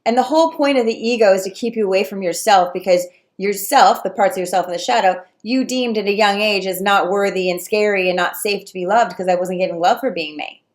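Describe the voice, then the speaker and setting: A woman coaching viewers on relationships in a casual talk, animated and acting out the voices of clients and fears. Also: medium pitch, fairly quick, hardly any pauses. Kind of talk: casual direct-to-camera advice talk.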